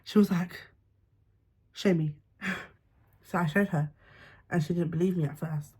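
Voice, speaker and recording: A woman's voice: lowish voice, steady tone, unhurried, darkish tone, slightly rough. A young woman, candidly telling a personal story to camera in casual slang, swearing freely. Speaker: vlogger.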